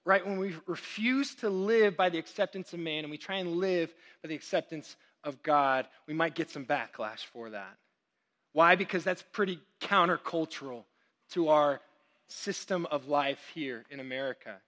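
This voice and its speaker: A young Texan man preaching a sermon as a pastor, telling stories with quick asides. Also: a little high. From Texas. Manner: animated storytelling with quick asides.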